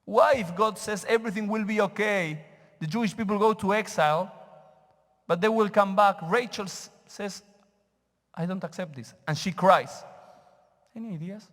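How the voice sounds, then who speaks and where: A man's voice: sits high, normal speed, a bit bright. A man, teaching a sermon as a rabbi and questioning his congregation. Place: synagogue sanctuary. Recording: reverberant sanctuary.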